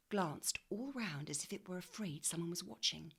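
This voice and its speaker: A woman teacher reading a storybook aloud to children in a gentle, questioning way, often dropping to a breathy whisper. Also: on the low side, animated, normal speed, few pauses. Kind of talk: storybook read-aloud lesson.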